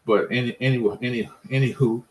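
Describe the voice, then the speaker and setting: A man's voice: mid-range voice, steady tone, fast, a little mellow, rough recording. A man ranting in a casual monologue, frustrated and rambling, often restarting his sentences. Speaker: sports fan vlogger.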